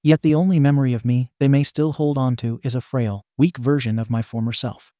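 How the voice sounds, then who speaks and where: A man's voice: mid-range voice, fairly even intonation, a little fast, warm tone, dry recording, clean studio sound, close to an everyday voice. A man voicing a bitter, scarred young male villain confronting his father in a fan fiction reading, menacing and accusing.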